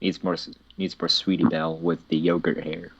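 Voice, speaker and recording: A man's voice: sits low, level tone, a little fast, fairly bright tone, lo-fi sound. A man co-hosting a casual group podcast, dropping dry quips. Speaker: podcast co-host.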